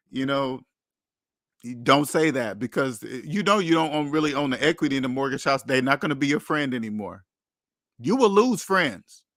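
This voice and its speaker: A man's voice: medium pitch, bright, forceful tone, no room sound, clean studio sound. A man hosting a live money chat, talking casually and animatedly, repeating himself and acting out the people he quotes. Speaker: channel host answering chat.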